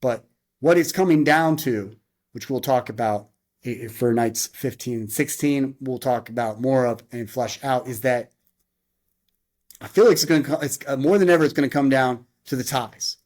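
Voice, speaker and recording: A man hosting a casual wrestling review runs through the matches move by move, rattling off calls in bursts amid frequent restarts and side tangents. His voice is medium-pitched with a darkish tone at a moderate pace.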